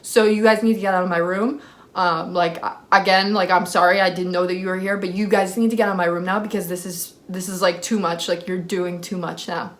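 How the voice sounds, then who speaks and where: A young woman casually telling a personal story to camera, full of fillers, acting out her own shouting. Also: brisk. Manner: animated, reenacts screaming at high pitch; many fillers like "like" and "freaking". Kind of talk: casual story time vlog.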